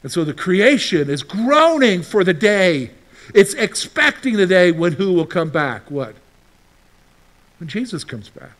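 A male pastor preaching a sermon in a lively way, often putting rhetorical questions to the congregation. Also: sits high, measured pace.

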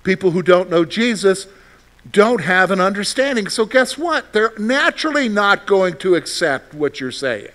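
A man preaching a sermon to his congregation, asking rhetorical questions and answering them himself, moving between loud emphasis and quiet, confiding asides. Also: high-pitched, sing-song, normal speed. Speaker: pastor.

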